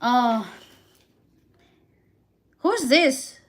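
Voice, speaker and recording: A woman on a live stream talks slowly with her audience, putting questions to viewers and answering their comments. Her voice sits a little high, and she takes her time, even when she bickers back.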